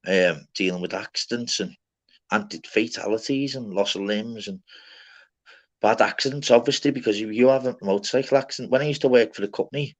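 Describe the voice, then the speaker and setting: A man's voice: on the low side, brisk. A man in casual chat who swears constantly, calls everyone lad and mate, and rambles bluntly. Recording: slightly dull lo-fi audio.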